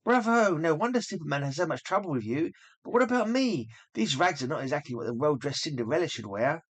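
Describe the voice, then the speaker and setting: A man voicing Lois Lane as a curious, suspicious young woman while reading a comic book aloud, with excited, questioning exclamations. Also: medium pitch, quick pace, slightly rough.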